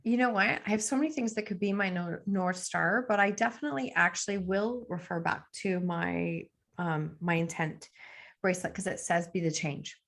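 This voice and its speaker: Earnest woman guest with some vocal fry, reflective casual interview delivery. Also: lowish voice, normal speed, fairly bright tone. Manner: earnest, reflective, frequent "like" fillers. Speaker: podcast guest.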